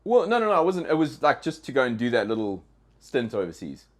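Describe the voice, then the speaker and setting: A man's voice: medium pitch, sing-song, fast. A man with a South African accent, a podcast guest telling his story in a loose, rambling way with many restarts and fillers. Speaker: guest, dog trainer. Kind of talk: casual podcast conversation.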